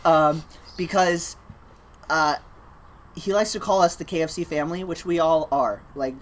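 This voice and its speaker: A young man with a fairly high pitch, unhurried in his delivery, co-hosts a casual podcast. He's an animated storyteller sharing a work anecdote, full of acted-out quotes and frequent laughter.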